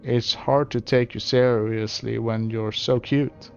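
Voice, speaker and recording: Slow, gravelly male streamer. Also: medium pitch, fairly even intonation, dull audio, faint music behind. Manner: hesitant, with frequent "uh" and asides. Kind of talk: casual gameplay commentary.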